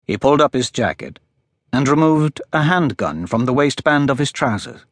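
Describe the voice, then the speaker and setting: A man narrating a crime thriller audiobook in a steady, measured, unhurried voice. His pitch sits right in the middle range. The recording is dry, with no room sound at all. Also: dry recording.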